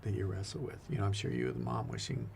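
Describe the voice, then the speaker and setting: Gravelly, earnest priest. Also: male voice, sits low, very animated, fast talker, darkish tone, slight background noise. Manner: earnest, reflective, repeats words often. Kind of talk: casual faith conversation.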